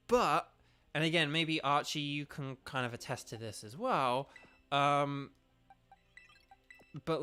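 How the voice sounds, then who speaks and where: A man's voice: on the high side, sharp tone, clean tone. A young man chatting casually with his stream viewers while playing a game, rambling with lots of fillers. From United Kingdom. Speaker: gaming streamer.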